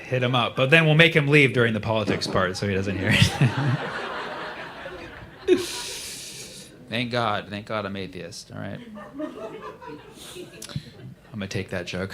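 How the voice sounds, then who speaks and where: A man performing a stand-up comedy set, telling stories animatedly, shouting the quotes of the people in them, and working with the crowd. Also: lowish voice, measured pace, pauses often, heavy background noise. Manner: crowd work with the audience. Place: comedy club stage.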